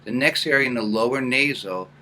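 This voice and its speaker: Calm man coaching with hummed sounds. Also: mid-range voice, brisk, a little hiss or hum. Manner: demonstrates hums and small vocal sounds between calm guidance. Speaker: acting coach. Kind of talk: instructional tutorial.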